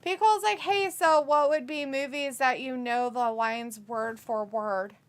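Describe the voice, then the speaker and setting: A woman's voice: high-pitched, measured pace. A woman, co-hosting a wrestling watch-along, reading chat messages aloud, teasing and laughing often.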